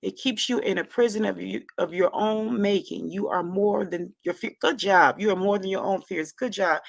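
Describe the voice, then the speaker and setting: A woman's voice: medium pitch, normal speed, vocal fry, hardly any pauses. A woman hosting a casual livestream, reading viewer comments aloud and affirming them, often repeating phrases and drawing out her reading.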